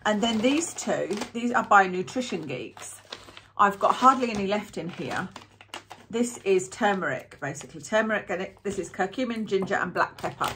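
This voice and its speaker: A woman's voice: medium pitch, expressive, normal speed, background noise. A woman chatting through a product review in a rambling, self-interrupting way. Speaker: beauty vlogger.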